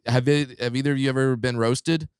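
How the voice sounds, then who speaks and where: A man appearing as a guest comedian on a podcast, chatting in lively, casual banter and laughing between lines. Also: mid-range voice, a little fast, clean tone, no echo, clean studio sound.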